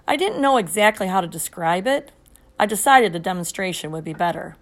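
A woman reading a children's story aloud in the first person, expressive and steady. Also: medium pitch, brisk. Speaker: audiobook narrator.

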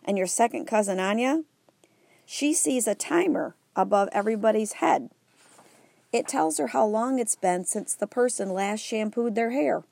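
A woman's voice: fairly high pitch, lively intonation, normal speed, vocal fry, darkish tone, no echo, pitched above the performer's own voice. A woman reading the part of a cheerful, health-minded superhero father in a storybook, in a hearty, matter-of-fact way.

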